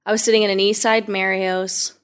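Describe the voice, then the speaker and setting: A young woman from Canada co-hosting a casual sports podcast, chatty and quick to laugh. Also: mid-range voice, flat delivery, smooth. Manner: chatty, laughing, filler-heavy. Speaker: podcast co-host.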